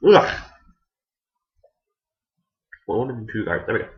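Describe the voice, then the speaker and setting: A man's voice: mid-range voice, big pitch swings, measured pace. Rambling man on a muffled recording. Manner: rambling, hesitant, frequent restarts and casual swearing. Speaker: anime reviewer. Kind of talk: casual spoken review.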